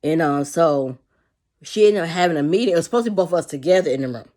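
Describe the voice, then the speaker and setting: Low-voiced lady ranting fast about her old job, swears a lot, keeps repeating herself. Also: lively intonation, warm tone. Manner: rambling, profane, repeats herself; acts out quotes of coworkers. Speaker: childcare worker. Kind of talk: casual venting monologue.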